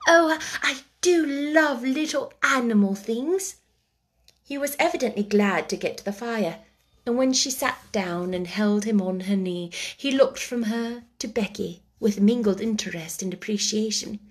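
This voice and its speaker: A woman reading a children's book aloud chapter by chapter, soft and gentle, dropping to a whisper at tense moments. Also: mid-range voice, normal speed. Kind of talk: chapter-by-chapter read-aloud storytelling.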